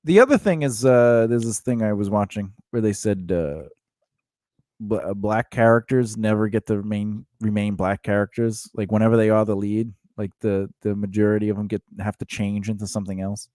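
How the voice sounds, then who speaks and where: A man with a fairly low voice, co-hosting a relaxed podcast conversation. He rambles through stories with lots of restarts and animated swings. The sound is close and dry, with no room around it. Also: moderate pace, no echo. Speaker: podcast co-host. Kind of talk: casual chat.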